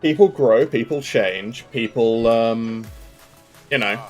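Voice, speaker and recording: A man's voice: medium pitch, slow, darkish tone, soft background music. A British man chatting casually with viewers while streaming a game, joking and rambling as he talks. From Britain. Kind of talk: casual live-stream chat.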